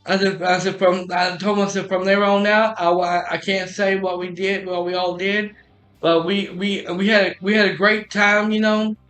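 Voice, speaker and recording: A man's voice: high-pitched, level tone, normal speed, a bit bright, faint music behind. A man telling a personal story in a casual, rambling way, often restarting and repeating "I said.".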